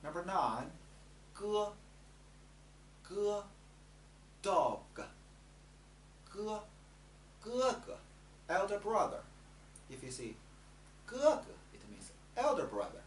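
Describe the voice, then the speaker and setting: Slow, lively-pitched language tutor. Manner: slow, repeats each sound for learners to copy. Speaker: Chinese tutor. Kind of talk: pronunciation lesson. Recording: echoey room with faint hum.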